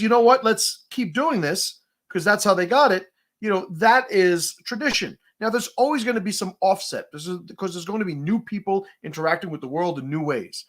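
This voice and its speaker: A man's voice: sits high, fairly bright tone. A man from New City, hosting a livestream, telling stories and answering chat comments in a profane, rambling way. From New York City. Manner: profane, storytelling, many fillers and restarts. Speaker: livestream host. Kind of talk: casual livestream talk, reading chat comments.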